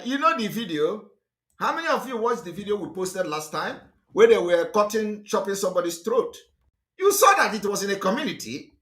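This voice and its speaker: A man's voice: high voice, bright, forceful tone. A man with a Nigerian accent gives a fiery, repetitive, emphatic political monologue as a livestream host.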